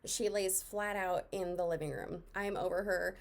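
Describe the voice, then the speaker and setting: A soft-spoken young woman from Indiana, telling a story in a casual, chatty vlog and sounding a little out of breath. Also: fairly low pitch, steady tone, normal speed, gravelly. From Indiana, USA. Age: young adult. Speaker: vlogger.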